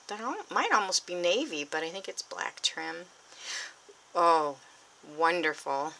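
Woman, crafting vlogger, gushing, breathy asides, bright tone. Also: on the low side, slight background noise. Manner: gushing, excitable, drifts into breathy whispers. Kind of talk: unboxing vlog.

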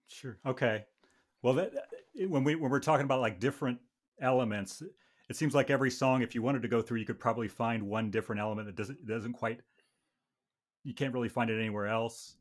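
A man's voice: medium pitch, a little fast. A man hosting a casual podcast chat about music, talking in a wry, rambling way with frequent restarts. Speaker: podcast host and bandmate.

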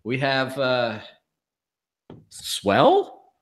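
A man's voice: mid-range voice, extremely slow. Joking man co-hosting a beer podcast. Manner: joking, teasing, deadpan setups. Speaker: podcast co-host reviewing beer. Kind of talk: casual live podcast chat.

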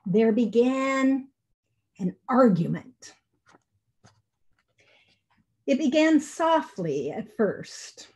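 A woman reads a storybook aloud at a church service, slowly and gently. Her voice is mellow and warm and sits a little high. Her reading is expressive.

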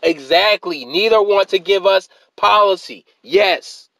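A man delivers a heated video-essay rant in a fairly high voice, sounding exasperated and worn out from work. The recording is dry and close, with no room sound. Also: unhurried, vocal fry, pushed and bright, no echo, low-quality recording. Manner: exasperated, repeatedly asks what are you talking about. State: tired after a work shift. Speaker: political commentator.

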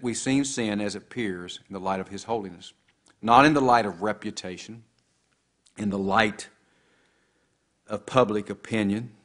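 A man's voice: lowish voice, a bit bright. A man preaching a sermon, quoting scripture with rising and falling emphasis.

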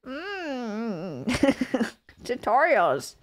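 A woman's voice: fairly high pitch, sing-song, normal speed, long pauses. A woman in her thirties chatting casually with her stream, giggling often and swearing freely. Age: 30s. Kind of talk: casual live-stream chat.

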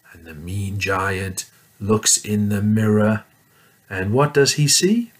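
A man teaching young children, reading picture books aloud in a slow, sing-song, exaggerated way. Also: fairly low pitch, expressive.

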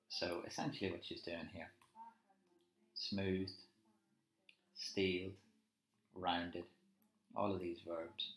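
Guy teaching a poem, deep low voice, chatty and thinking out loud, roomy echo. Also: level tone, slow pace, gravelly, pauses often. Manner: conversational, thinking aloud with fillers and tag questions. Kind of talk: live poetry annotation lesson. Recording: roomy echo with faint music.

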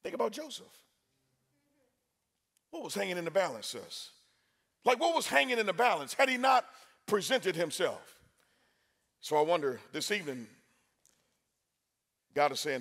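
Male preacher, high voice, lively, talks with the crowd, bursts loud. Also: moderate pace, pauses often. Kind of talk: sermon. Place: university chapel.

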